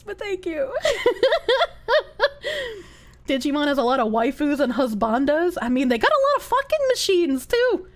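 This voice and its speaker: A woman's voice: sits high, big pitch swings, normal speed, pauses often. A woman livestreamer chatting casually, reading chat, giggling often and swearing freely.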